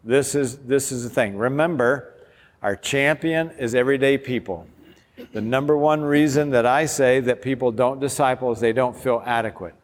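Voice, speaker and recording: Enthusiastic pastor in an echoey hall. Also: male voice, medium pitch, moderate pace. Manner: enthusiastic, informal, demonstrating step by step. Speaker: pastor presenting a discipleship app. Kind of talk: workshop presentation. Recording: long hall reverb.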